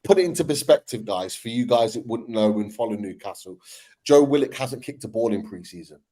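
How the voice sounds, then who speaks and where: A man's voice: medium pitch, animated, fairly quick, warm tone. A man hosting a casual football chat. He talks in an upbeat, rambling way and often restarts his sentences. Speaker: podcast host.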